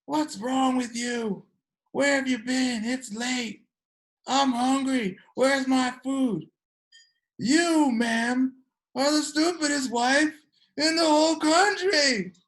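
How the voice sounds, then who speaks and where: A hungry, furious husband bellows at his wife, dragging out each angry word, as a woman acts him out in a class story. The voice climbs well above her usual low register and stays loud and scolding. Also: slow, poor audio. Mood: angry shouting. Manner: shouting, scolding.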